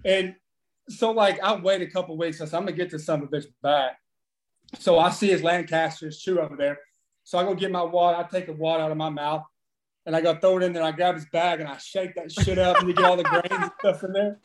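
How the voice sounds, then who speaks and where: A man in his thirties swaps profane baseball stories in a loose, animated way, often breaking into laughter. His voice sits fairly high for a man. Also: brisk. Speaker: former baseball player, podcast guest. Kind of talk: casual storytelling chat.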